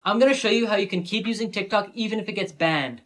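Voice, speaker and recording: A man from San Diego performing short comedy skits, playing every part with sarcastic deadpan comebacks. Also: sits high, quick pace. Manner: sarcastic deadpan comebacks, switching between characters. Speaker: comedy creator.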